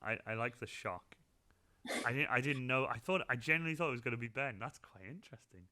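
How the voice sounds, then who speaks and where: A woman's voice: very deep voice, fast, bright, forceful tone. A woman hosting a livestream chat, enthusiastic, echoing her guest's answers with praise and frequent laughter. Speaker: livestream host. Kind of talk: casual interview chat.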